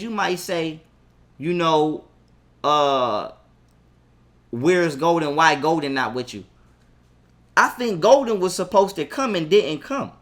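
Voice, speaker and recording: High-voiced man telling a heated story. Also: a bit bright. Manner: heated, profane, quotes his own arguments. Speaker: interview guest. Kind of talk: casual storytelling interview.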